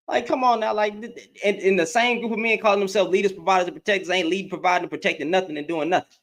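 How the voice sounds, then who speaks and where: A man giving heated reaction commentary as an online commentator, animated and profane, repeating himself and laughing often. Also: sits high, brisk, pauses often. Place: in Dallas, Texas.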